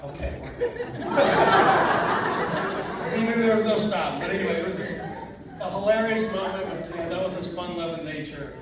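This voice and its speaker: A man tells animated stories at a memorial reception. He laughs often and acts out quotes in a slightly raised voice. He is recorded from far off in a very echoey church hall, with noticeable noise around him. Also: high voice, brisk. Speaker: funeral reception speaker. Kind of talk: storytelling at a memorial gathering. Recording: very echoey, distant, noisy room.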